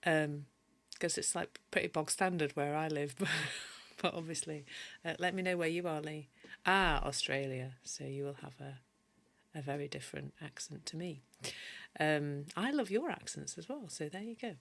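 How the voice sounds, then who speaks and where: A woman's voice: deep voice, moderate pace, vocal fry, fairly bright tone. A woman from Yorkshire with a mild Yorkshire accent, giving a chatty live-streamed teaching talk as a coach and answering viewer comments as she goes. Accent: mild Yorkshire English. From Yorkshire, northern England. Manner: many restarts and self-corrections.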